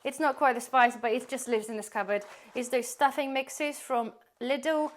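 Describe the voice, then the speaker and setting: A woman's voice: a little high, steady tone, normal speed. A woman, giving a chatty, rambling tour of her pantry and laughing often. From UK-based. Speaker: prepping vlogger.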